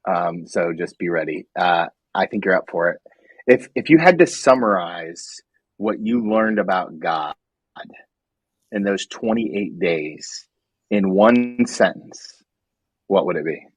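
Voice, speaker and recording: A male podcast host with a low, husky voice asks questions in a measured, curious way. The sound is dry and close, with almost no room tone. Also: lively intonation, no room sound. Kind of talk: interview questions.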